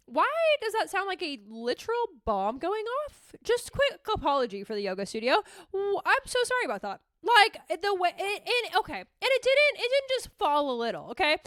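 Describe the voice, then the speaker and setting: A young woman hosting a podcast, telling stories in a casual, animated, self-mocking way and swearing freely. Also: extremely high pitch, no echo, clean studio sound. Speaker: podcast host. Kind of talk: casual storytelling monologue.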